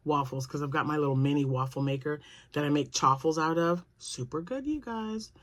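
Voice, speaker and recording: A woman's voice: deep voice, a little fast. A middle-aged woman chatting casually to her viewers in a crochet vlog, rambling from topic to topic with asides and little laughs. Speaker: crochet vlogger. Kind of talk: casual chat to camera.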